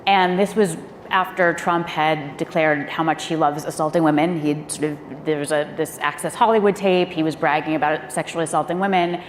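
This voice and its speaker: Brief: former speechwriter, woman, animated storyteller, boomy venue with a faint hiss. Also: a little fast, few pauses. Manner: animated, acts out quoted voices. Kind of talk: candid storytelling on a live panel. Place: event hall. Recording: echoey hall with faint noise.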